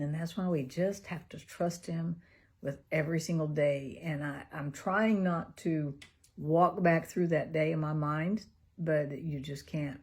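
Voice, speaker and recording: Soft-spoken caregiving mother, husky and mellow. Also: low-pitched. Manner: earnest, soft-spoken, laughs often, drops to a whisper. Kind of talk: heartfelt personal vlog.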